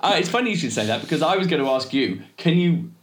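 A man's voice: on the high side, sing-song, fast, roomy sound. A man co-hosting a podcast in casual chat, rambling and cutting himself off often. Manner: rambling, self-interrupting, laughs often. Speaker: podcast co-host.

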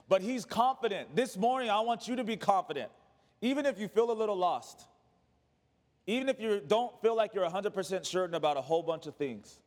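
A man with a high voice preaches a sermon. He swings from urgent, raised lines down to hushed, low ones. His voice rings out with a long reverb, as in a church hall. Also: lively intonation, brisk. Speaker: pastor.

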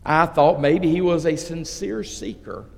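A man preaching a sermon as pastor, retelling a story slowly and dramatically with voiced quotes. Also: fairly high pitch, steady tone, creaky, darkish tone, big-room sound.

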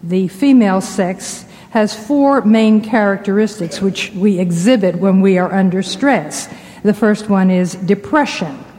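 A woman giving a measured talk to a church audience, with wry asides. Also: medium pitch, mellow, long reverb tail. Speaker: speaker addressing ministers.

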